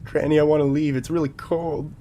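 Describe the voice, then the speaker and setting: Brief: man doing a complaining cold child, raised pitch, game voiceover. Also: little pitch movement, a little fast, mellow, natural voice. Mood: whiny. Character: whiny young grandchild, cold and fed up.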